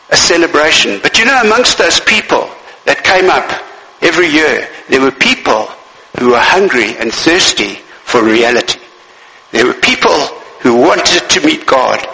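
A man's voice: fairly high pitch, sharp tone, roomy sound, in a large hall, poor audio. A male preacher giving a sermon in a church, repeating key phrases and asking his listeners rhetorical questions.

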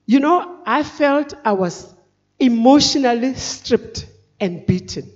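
A woman preaching an earnest, halting, emotional personal testimony. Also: high voice, expressive. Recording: dull recording in a reverberant hall.

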